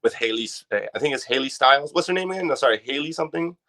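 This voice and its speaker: A man's voice: medium pitch, expressive, racing, bright, forceful tone. A man from Canada, a guest chatting on a podcast about his toy collection in a loose, enthusiastic way. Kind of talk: casual podcast chat.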